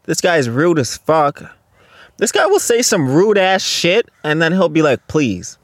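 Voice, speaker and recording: A man's voice: on the high side, animated, normal speed, no room sound. Profane ranting man on a dry mic. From Canada. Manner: profane, rambling, heated ranting. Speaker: podcast host. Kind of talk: casual solo podcast monologue.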